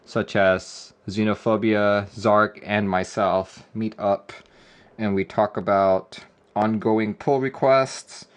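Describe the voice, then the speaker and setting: A man's voice: on the low side, fairly even intonation, slow pace. A man live-streaming a keyboard build, chatting casually and joking with viewers. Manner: laid-back, joking with chat, often laughing.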